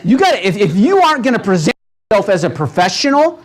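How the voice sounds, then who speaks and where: A man leading a real estate training seminar, talking with a lively, coaching manner and checking in with the room constantly. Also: high-pitched, quick pace. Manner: animated, asks the room constant "right?" questions. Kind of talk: motivational seminar talk. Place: seminar room with a live audience.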